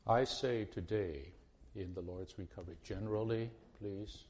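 Low mellow-voiced man preaching earnestly. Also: moderate pace. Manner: earnest, repetitive restarts, rising to emphatic pleas. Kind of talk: sermon.

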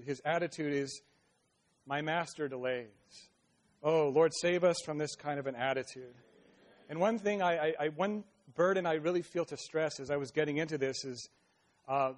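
A man preaching a sermon, reading verses slowly and then exhorting earnestly with many restarts and "right?" tags. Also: a little high.

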